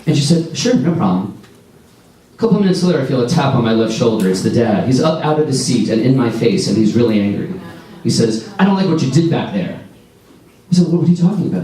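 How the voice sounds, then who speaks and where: A man in his forties doing a stand-up comedy set, wry and deadpan with lively storytelling. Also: mid-range voice, fast. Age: 40s. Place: comedy club stage. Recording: echoey club sound from a distance. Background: audience laughter.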